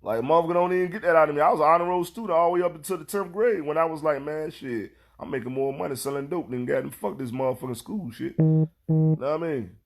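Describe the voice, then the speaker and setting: A man in his thirties speaking tells a casual, profane story about his children. He circles back over his own words and acts out the other people in the story. His voice sits a bit high for a man. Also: fast, vocal fry. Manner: animated, profane, repeats himself, acts out quotes. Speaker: father telling stories.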